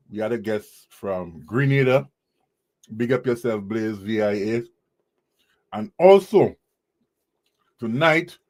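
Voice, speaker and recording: Energetic man hosting a show. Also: medium pitch. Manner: energetic, hypes artists, laughs often. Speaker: show host. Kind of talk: lively live show hosting. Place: studio.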